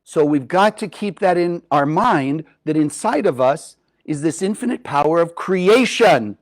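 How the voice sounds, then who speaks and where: High-voiced man teaching Kabbalah. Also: measured pace. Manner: animated, asks the audience questions. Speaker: spiritual teacher. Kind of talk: Kabbalah teaching talk to a live group.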